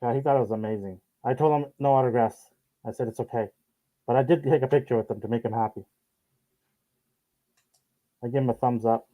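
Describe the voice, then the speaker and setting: A man's voice: medium pitch, steady tone, fairly quick, pauses often, mellow, lightly acted, rough recording. A man putting on the voice of a boastful, self-important male politician who brags and repeats himself. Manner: bragging, repetitive, dismissive of others.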